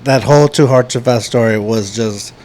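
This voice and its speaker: A man's voice: mid-range voice, moderate pace, darkish tone, a little hiss or hum. A man whose first language is Spanish, hosting a podcast in casual chat, laughing easily and nudging the guest along. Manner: laughs easily, short encouraging replies. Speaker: podcast host.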